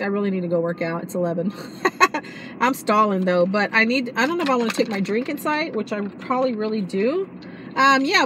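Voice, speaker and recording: A woman's voice: on the high side, noisy background. A middle-aged woman chatting casually to camera in a vlog, rambling and laughing often. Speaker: vlogger.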